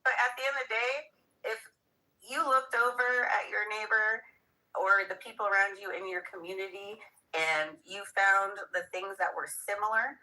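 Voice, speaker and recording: A woman from Hawaii, slightly hoarse, talking casually as a guest and musing with many fillers. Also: medium pitch, fairly even intonation, normal speed, pushed and bright, low-quality recording. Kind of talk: casual conversation.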